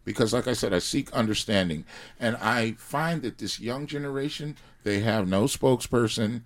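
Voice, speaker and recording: A man guest on a podcast, talking in casual chat with animated, preachy rants that swell loud. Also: mid-range voice, normal speed. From United States. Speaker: podcast guest, sauce company founder.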